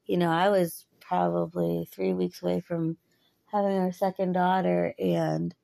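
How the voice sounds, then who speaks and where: A woman in her thirties shares her faith in an earnest, chatty way, often breaking into laughter. Her voice sits low and has a gravelly, fry-tinged edge. She speaks slowly, and the sound is dry and close. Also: little pitch movement, mellow, dry recording. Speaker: podcaster. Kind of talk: personal faith talk.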